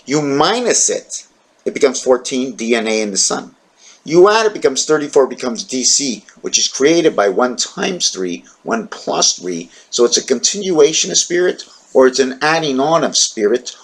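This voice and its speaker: A man's voice: medium pitch, sing-song, moderate pace, low-quality recording. A middle-aged man with a nasal, blocked-up voice, musing aloud in a wandering solo monologue to camera. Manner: wandering, musing, jumps between numbers, religion and jokes, talks to his cat. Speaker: solo video talker.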